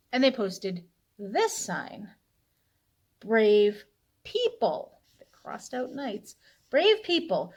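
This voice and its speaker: A woman librarian reading a picture book aloud to children in a playful, animated storytelling voice. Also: a little high.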